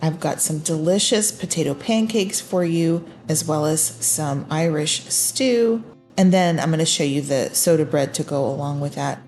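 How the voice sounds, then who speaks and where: A woman's voice: low voice, normal speed, a little mellow. A woman, hosting a recipe tutorial in a friendly, upbeat instructional manner. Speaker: cooking channel host. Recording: faint music behind.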